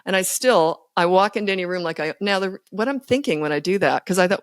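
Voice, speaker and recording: A woman's voice: on the low side, quick pace, no room sound. Candid woman in her sixties, dry sound. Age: 60s. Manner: candid, self-deprecating, laughs often. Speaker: parenting guest. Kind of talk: casual podcast interview.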